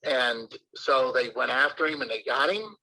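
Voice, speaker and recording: An older man, a baseball manager, telling rambling anecdotes full of fillers in a relaxed interview. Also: mid-range voice, moderate pace, rough recording.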